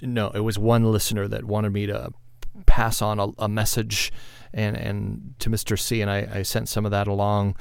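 A man's voice: on the low side, completely flat delivery, moderate pace, creaky, clean tone, dry recording, studio quality. A man hosting a podcast in a casual, rambling, self-deprecating monologue, often laughing at himself. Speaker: podcast host.

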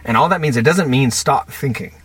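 A man's voice: mid-range voice, fairly quick, fairly bright tone, husky, no echo. A man on a podcast, a counselor talking reflectively and telling stories about his clients in quoted dialogue. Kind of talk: conversational podcast talk.

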